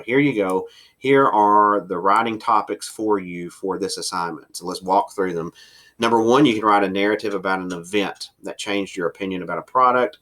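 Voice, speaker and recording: Low-voiced male writing teacher. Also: fairly bright tone. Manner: explanatory, varies pace for emphasis, occasional fillers. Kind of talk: recorded lecture to students.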